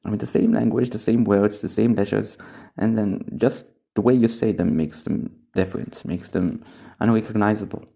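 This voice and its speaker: A man speaks English as an after Arabic, wandering through a relaxed solo recording while high on cannabis. His voice sits low and dark, with a gravelly fry running through it. He drifts from thought to thought and chuckles along the way. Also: normal speed. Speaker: English teacher. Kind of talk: casual recorded monologue.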